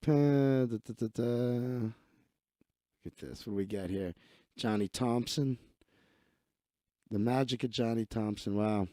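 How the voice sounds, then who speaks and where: A man's voice: mid-range voice, takes it slowly, long pauses, dark tone, no room sound, clean studio sound. A man hosting a casual livestream, chatting in a rambling, profane and offhand way as he reads through his social feed. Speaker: livestream host.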